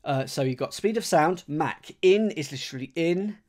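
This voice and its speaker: A man streaming live, talking casually to his viewers as he works through crossword clues, thinking aloud and rereading each clue slowly. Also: fairly high pitch, lively intonation, a little mellow.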